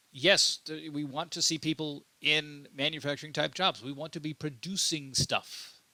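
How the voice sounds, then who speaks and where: A man's voice: a little high, bright, forceful tone, dry recording. A man hosting his own political commentary show, talking emphatically off the cuff and often repeating and restarting his words. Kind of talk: unscripted commentary monologue.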